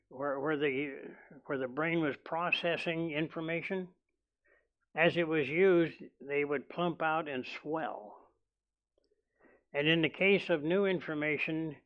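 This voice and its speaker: A man preaching a sermon in a church, talking slowly and deliberately, often restarting his sentences. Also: on the high side, muffled recording. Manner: slow and deliberate, with many restarts. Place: church hall.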